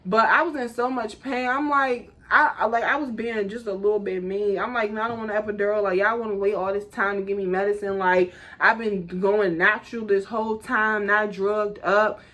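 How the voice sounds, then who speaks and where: A woman's voice: medium pitch, moderate pace, hardly any pauses. Chatty young woman telling a story. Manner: chatty, animated, lots of "like" and "y'all". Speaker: vlogger. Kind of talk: casual storytime.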